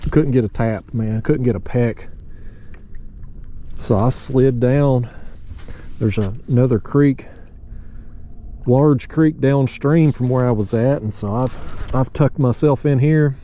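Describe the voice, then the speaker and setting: A man's voice: medium pitch, slow pace, pauses often, warm tone. A man casually narrating to camera while fishing from a kayak on a river, drawling and folksy, calling his viewers y'all and buddy. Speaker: fishing vlogger.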